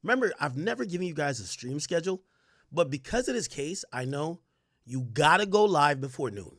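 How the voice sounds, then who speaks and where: Hosting a laid-back livestream, this young man talks briskly in a slightly high voice, reading out chat messages and going on animated rants full of slang. The audio is clean studio quality with no echo.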